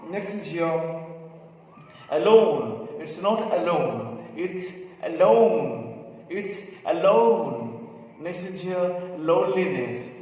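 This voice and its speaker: Guy doing a pronunciation lesson, says each word slow and stretched out, high voice, mic far away, roomy echo, bit of hiss. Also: darkish tone. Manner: repeats each word slowly, drawing out sounds. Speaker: English teacher. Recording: echoey room, mic far off, faint noise.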